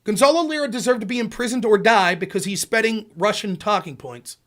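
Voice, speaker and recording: A man with a high voice delivers a heated political rant on his stream. He is sarcastic and keeps firing questions at his audience. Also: a little fast, a bit bright. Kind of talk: casual ranting commentary.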